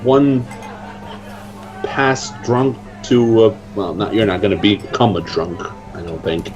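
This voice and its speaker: A man's voice: lowish voice, takes it slowly, highs cut off, music in the background. A man playing in a tabletop game, joking and laughing often while talking in character. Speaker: player. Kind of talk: casual in-character role-play.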